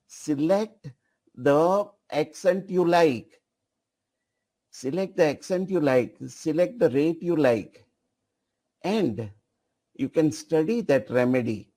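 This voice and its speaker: Slow-talking man demonstrating an app. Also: a little high, dark tone. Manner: repeats phrases, directs an assistant at the controls. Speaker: software trainer. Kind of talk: live software demonstration.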